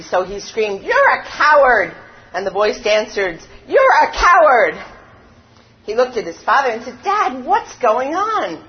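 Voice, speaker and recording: A woman delivers a sermon at an unhurried pace, her voice swooping up and down as she stresses each point. The recording sounds dull and lo-fi, with the top end rolled off. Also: medium pitch. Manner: slow, emphatic preaching with lively rises and falls. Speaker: spiritual teacher.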